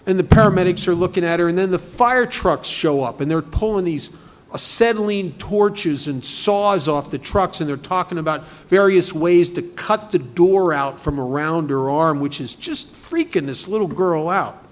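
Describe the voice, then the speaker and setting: A man's voice: on the high side, animated, normal speed. A man speaking at a recovery group study, talking conversationally and asking many rhetorical questions. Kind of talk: recovery talk.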